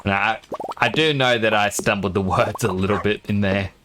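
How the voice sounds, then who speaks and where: A man's voice: on the low side, steady tone, moderate pace, noisy background. A sleepy young man streaming a game, chatting in a rambling way and laughing often. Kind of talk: casual gaming stream chat.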